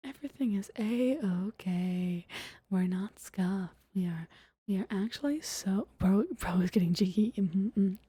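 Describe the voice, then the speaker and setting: A young woman streaming as a VTuber, chatting softly and giggling in a half-whisper after an ASMR stream. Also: medium pitch, unhurried, husky, no room sound. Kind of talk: soft-spoken ASMR stream chat, often whispered.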